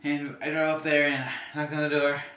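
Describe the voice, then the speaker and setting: Guy telling stories to camera, acts out everyone, crisp bright voice. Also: a little high, moderate pace, reverberant. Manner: animated, acts out the people in his stories. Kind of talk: casual storytelling to camera.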